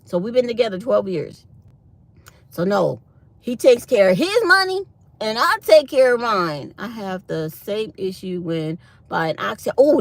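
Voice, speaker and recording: A woman's voice: a little high, moderate pace, dry recording. A middle-aged woman, hosting a live stream and chatting to viewers as she animatedly retells a conversation. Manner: chatty, animated retelling of dialogue, reads chat aloud. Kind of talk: casual storytelling to viewers.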